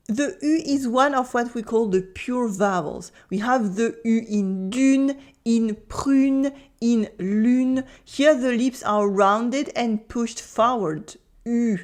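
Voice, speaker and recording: French woman demonstrating pronunciation slowly. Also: on the high side. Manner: clear, deliberate, repeating model words slowly. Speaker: French teacher. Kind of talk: online language lesson.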